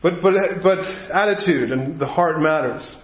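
A middle-aged man preaching a sermon, telling a family story in a relaxed, conversational way with frequent asides and restarts. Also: on the high side, moderate pace. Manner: conversational, anecdotal, self-interrupting with asides. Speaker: pastor. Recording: roomy, slightly dull sound.

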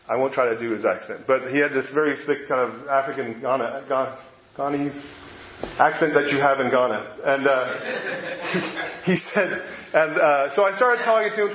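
Casting: middle-aged male pastor, slightly high voice, chatty halting sermon delivery, echoey dull recording. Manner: conversational, halting with fillers and restarts. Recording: echoey, dull lo-fi room sound.

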